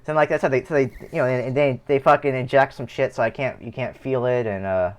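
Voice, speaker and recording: A man's voice: medium pitch, fairly even intonation, quick pace, clean tone. A young man streaming live, telling a rambling personal story with heavy swearing and many restarts. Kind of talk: casual storytelling.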